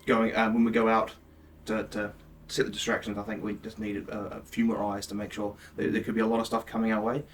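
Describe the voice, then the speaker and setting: A man's voice: on the low side, monotone, fast, recorded from a distance, a little hiss or hum. A man playing in a tabletop game, speaking hesitantly with lots of fillers. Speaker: player. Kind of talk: in-character tabletop play.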